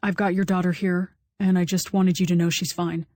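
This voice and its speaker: A steady male firefighter, as a woman narrator puts him on, reporting in a brisk, matter-of-fact way. His tone stays cool and level throughout, in a dry, close audiobook recording. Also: sits high, dry recording, close to an everyday voice. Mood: calm.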